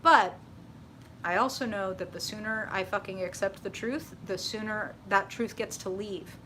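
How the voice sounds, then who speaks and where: A middle-aged woman reads tarot on a live stream, chatting casually, swearing freely, and laughing often in an animated way. Her voice sits at a medium pitch and moves at a moderate pace, with slight background noise.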